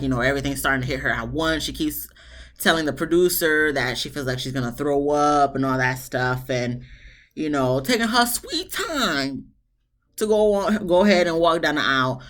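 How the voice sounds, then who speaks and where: A chatty, animated woman reviews a TV show in a casual solo chat, jumping into high-pitched asides.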